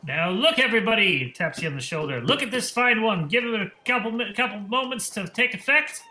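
A man voicing a loud, pushy male snake-oil peddler who hawks a cure-all tonic to a crowd. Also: animated, a little fast, roomy sound, heavily acted. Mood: hawking, boastful. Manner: booming sales pitch, yelling to a crowd.

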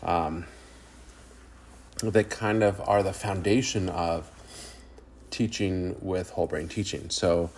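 Guy teacher w a deep low voice, rambly, lots of ums, chill podcast talk. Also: steady tone, slow, long pauses, darkish tone. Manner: rambling, with many fillers. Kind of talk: casual solo podcast about teaching.

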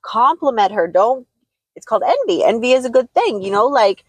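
Husky, fairly high-voiced woman, blunt and profane. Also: animated, fairly quick, dry recording. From United States. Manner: blunt and emphatic, swears freely. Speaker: podcast co-host. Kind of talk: casual chat.

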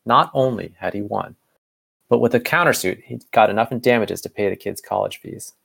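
A man's voice: lowish voice, fairly quick, creaky, fairly bright tone, husky. A man casually reading a fan story aloud, narration and dialogue, with small slips and self-corrections. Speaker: fanfiction co-reader.

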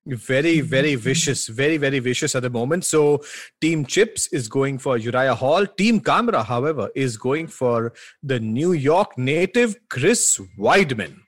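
A man's voice: medium pitch, expressive, measured pace, dry recording, clean studio sound. A man co-hosting a sports podcast, joking with his co-host and sometimes announcing like a ring emcee. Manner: announcer-like, teasing. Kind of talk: casual sports chat.

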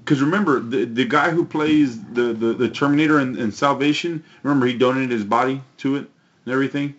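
A man co-hosting a casual movie chat, halting and full of fillers and casual swearing. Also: medium pitch, a bit bright, lo-fi sound. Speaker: podcast co-host.

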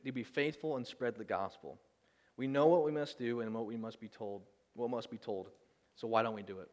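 A young man giving a sermon in a casual, self-deprecating way, often halting and restarting. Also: medium pitch. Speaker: preacher. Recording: long echo of a hall.

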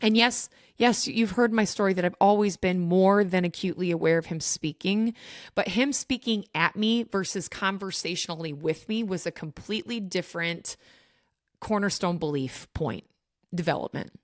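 A woman's voice: on the low side, moderate pace, no echo. Woman podcast host, faith teaching, earnest and direct, dry booth-like sound. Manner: earnest, emphatic, addresses listeners directly.

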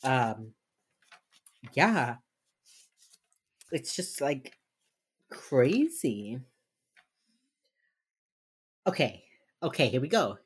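Speaking extremely slowly with long pauses, a young woman with a husky bass voice co-hosts a podcast. In casual chat she recaps a TV episode, bringing it to life by acting out what the characters say.

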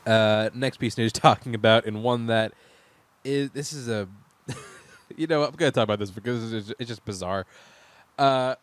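A man's voice: medium pitch, moderate pace, dry recording. A young man hosting a casual news chat, joking, laughing often and restarting his sentences. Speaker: podcast host.

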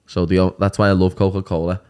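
A man's voice: deep voice, level tone, fast, darkish tone, smooth. A young man with a Liverpool accent, a fighter chatting casually as a guest, blunt and laddish. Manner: blunt, laddish, says "lad" often. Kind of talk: casual chat.

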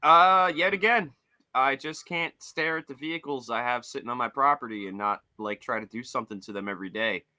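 A man co-hosting a podcast in casual chat, animated and swearing, jumping into high voices when he quotes people. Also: brisk, no echo, clean studio sound. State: limping with a foot injury. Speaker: podcast co-host.

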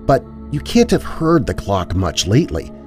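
A man's voice: on the low side, sing-song, moderate pace, faint music behind, voice pushed up. A man voicing a bold, blunt young girl in a raised voice. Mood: sharp.

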